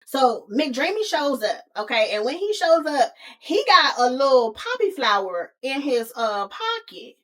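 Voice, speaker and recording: A woman hosting a podcast, recapping a movie in a casual, slangy, animated way, as if talking to a close friend. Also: high-pitched, unhurried, few pauses. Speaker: podcast host.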